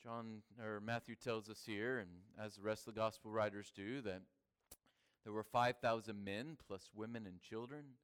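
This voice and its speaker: A man preaching a sermon, swinging between hushed, quiet passages and emphatic, raised lines. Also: fairly low pitch, fairly even intonation, moderate pace, smooth. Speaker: pastor.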